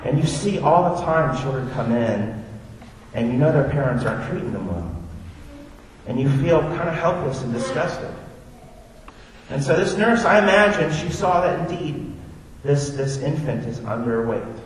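A man's voice: mid-range voice, expressive, moderate pace, a little hiss or hum. Man telling stories in an echoey hall. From Orlando, Florida. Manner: chatty, self-deprecating, digressive storytelling. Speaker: speaker giving a personal testimony. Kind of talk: storytelling talk before an audience. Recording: echoey hall, distant mic.

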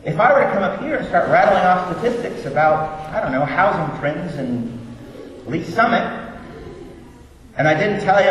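A man preaching a sermon in a church, animated and joking at his own expense. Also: high voice, normal speed. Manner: animated, joking, self-deprecating. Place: church sanctuary. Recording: echoey hall from far off, faint noise.

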